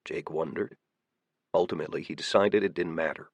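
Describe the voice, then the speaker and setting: A man giving steady, measured audiobook narration. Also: low voice, vocal fry, slightly rough, dry recording.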